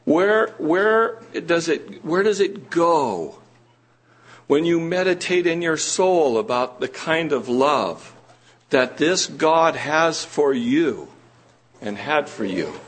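Slow, husky-voiced man preaching. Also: fairly high pitch, expressive. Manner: slow, earnest preaching with rising emphatic questions. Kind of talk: sermon. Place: church meeting room.

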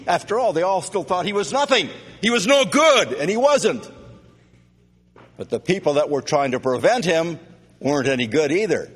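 Loud, animated man preaching in a hall. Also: a little high, moderate pace, slightly rough. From Canada. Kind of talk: sermon. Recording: long reverb of a hall.

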